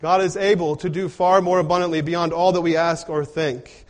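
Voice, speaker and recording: A man's voice: on the high side, steady tone, moderate pace. A man preaching a sermon in an earnest way, often putting rhetorical questions to his congregation. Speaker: pastor.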